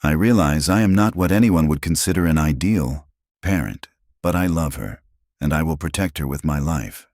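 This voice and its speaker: A man voicing a huge alien predator who speaks in a formal, measured way in a storybook tale. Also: very deep voice, expressive, darkish tone, no echo, clean studio sound. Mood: solemn. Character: huge fearsome alien predator turned gentle father.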